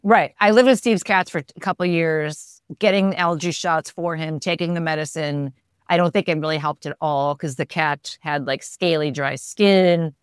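A man's voice: on the high side, fairly even intonation, normal speed, smooth, no room sound, studio quality. A middle-aged man co-hosting a casual chat, rambling wryly about pets and allergies. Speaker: podcast co-host.

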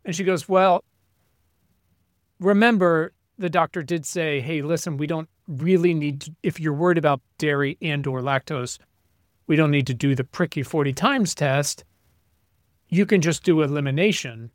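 A man's voice: fairly high pitch, normal speed, no echo. Ranting middle-aged man, dry sound. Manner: profane, ranting storyteller. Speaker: podcast co-host. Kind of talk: casual chat.

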